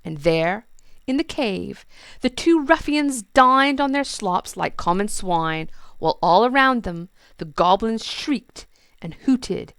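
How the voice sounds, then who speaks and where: A woman reads a children's story aloud with a voice that rises and falls a lot. Her tone is bright with a gravelly edge. The recording is dry and close. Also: medium pitch, takes it slowly, no echo. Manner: lively, expressive storytelling. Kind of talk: reading a children's book aloud.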